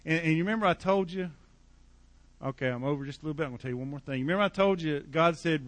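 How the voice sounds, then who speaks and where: A man's voice: fairly high pitch, very fast, a bit bright, no room sound. A male pastor preaching a sermon in a church in a conversational, joking way.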